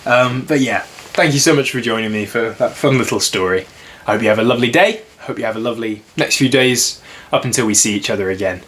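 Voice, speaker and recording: A man calmly reading a children's storybook aloud and then chatting about it in a soft, unhurried, friendly way. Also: medium pitch. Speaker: storybook reader.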